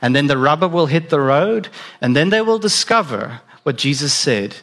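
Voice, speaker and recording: A man's voice: fairly high pitch, animated, normal speed, a bit bright. A man preaching a sermon in a conversational way, asking the listeners direct questions. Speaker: pastor.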